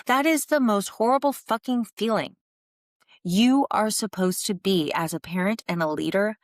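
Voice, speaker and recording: A woman's voice: lowish voice, dry recording, studio quality. A young adult woman hosting a podcast, telling her own story in a raw, frank way and swearing often. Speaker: podcast host. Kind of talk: candid personal monologue.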